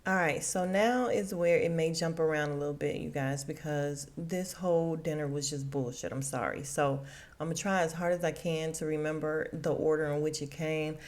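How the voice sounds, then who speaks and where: A woman's voice: low voice, steady tone, moderate pace, darkish tone. Blunt, swearing woman podcast host. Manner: blunt, opinionated, swears freely. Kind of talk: casual TV recap.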